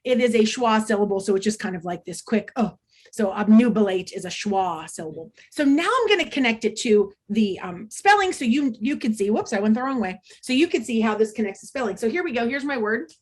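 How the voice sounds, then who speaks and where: A woman's voice: fairly high pitch, animated, a little fast, few pauses. A woman presenting an interactive online workshop for teachers, speaking over a video call in an upbeat, chatty way with frequent ums. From United States.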